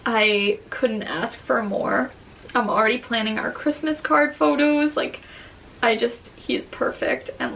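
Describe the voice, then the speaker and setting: A young mother talks at home in a loose, rambling vlog chat, her words full of fillers. Her voice sits a little high for a woman and carries a gravelly, fry-laced edge. She sounds candid and unpolished. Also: a bit bright, slight background noise. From Long Island, New York. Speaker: vlogger, new mother. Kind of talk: casual chat. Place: at home near her baby's crib.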